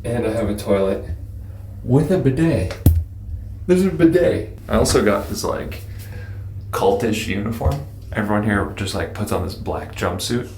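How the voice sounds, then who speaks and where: A man's voice: lowish voice, measured pace, a little mellow, a little hiss or hum. A young man vlogging casually from a capsule hotel, often dropping to a whisper. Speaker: travel vlogger. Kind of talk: casual vlog narration.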